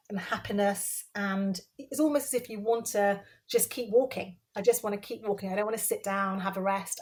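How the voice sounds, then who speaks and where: A woman answers questions as a podcast guest, her voice in a middle pitch. She speaks earnestly, circling back and repeating her phrases to stress a point. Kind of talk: casual conversational interview.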